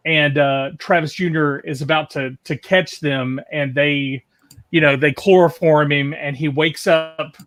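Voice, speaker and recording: A man's voice: fairly high pitch, steady tone, measured pace, a bit bright. A man telling a long story in a loose, casual way, full of "like" and restarts, from a video call. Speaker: guest caller.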